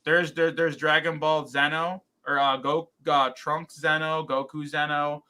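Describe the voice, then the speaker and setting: A man co-hosting a podcast in casual chat, rambling and animated, with many fillers and restarts. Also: fairly high pitch, unhurried. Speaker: podcast co-host.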